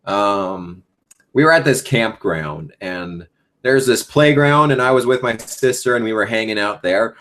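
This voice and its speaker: A man's voice: fairly low pitch, lively intonation, measured pace, fairly bright tone. A young man in his late teens hosting a casual live Q&A as a gaming YouTuber. He rambles with lots of ums and swears freely.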